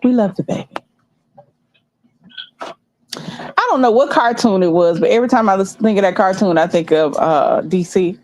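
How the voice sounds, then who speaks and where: A woman's voice: mid-range voice, a little mellow, slight background noise, low-quality recording. A middle-aged woman hosting a livestream, rambling and chatting straight to her viewers in a casual, unscripted way. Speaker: livestream host.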